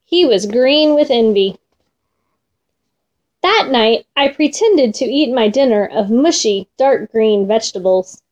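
A woman reading a children's storybook aloud in an expressive, gentle way. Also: fairly high pitch, unhurried, highs cut off.

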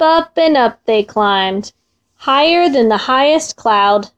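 A woman reading a children's folk tale aloud in a gentle, expressive way, drawing out repeated words. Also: on the high side. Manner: gentle, expressive, drawn-out repetitions. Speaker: storyteller.

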